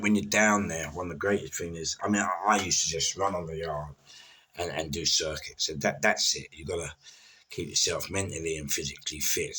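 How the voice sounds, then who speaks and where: Husky, deep-voiced man. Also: pushed and bright. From London. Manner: rambling, stutters and repeats words, lots of fillers. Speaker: former prisoner telling stories. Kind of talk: casual storytelling.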